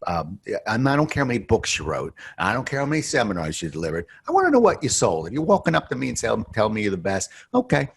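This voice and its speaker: A man, a sales trainer, answering interview questions as an animated storyteller who swings from low asides to loud emphatic points. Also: quick pace, vocal fry, few pauses, a little hiss or hum.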